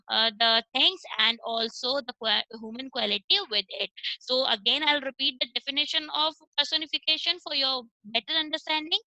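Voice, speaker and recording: Indian lady teacher, online class, high voice, dry close sound, keeps saying okay and switching to hindi. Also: sharp tone, no echo, poor audio. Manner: explains step by step, switching between English and Hindi, checks with "okay".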